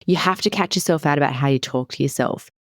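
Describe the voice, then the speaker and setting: A woman's voice: low-pitched, fast, dry recording, studio quality. A woman in her thirties hosting a casual motivational podcast as a wellness coach, candid and emphatic, swearing casually.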